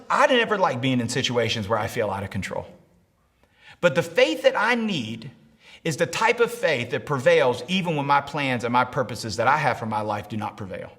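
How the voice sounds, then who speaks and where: A man preaching a sermon as pastor, repeating phrases and acting out the people in his story, rising to shouts at the high points. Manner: animated preaching, repeats lines and acts out quotes, shouts at peaks. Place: church service, also streamed online.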